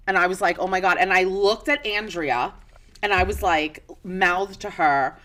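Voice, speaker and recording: An American woman co-hosting a podcast, telling a story from her shop in a casual, animated way and acting out what people said. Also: mid-range voice, normal speed. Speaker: podcast co-host, shop owner.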